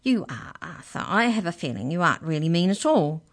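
A woman's voice: on the low side, very animated, brisk. A woman voicing a small, knowing mouse in a cage, speaking politely and drily for a children's story. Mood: wry. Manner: polite, dry, matter-of-fact.

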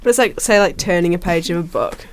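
New Zealand teen girl co-host, casual and giggly, voice bouncing up and down a lot, filler-packed rambling in a small studio. Sounds like a relaxed chat with friends on air. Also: lowish voice, fast. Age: teens. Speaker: student radio co-host.

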